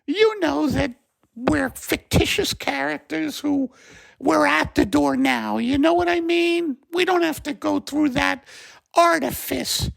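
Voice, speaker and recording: A hoarse man doing a fretful gravelly housewife. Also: extremely high pitch, takes it slowly, no echo, heavily acted. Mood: chiding, chatty. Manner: lively, nagging, talks over her husband. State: hoarse from bronchitis. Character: fretful chatty middle-aged housewife. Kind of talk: comedy sketch character voice.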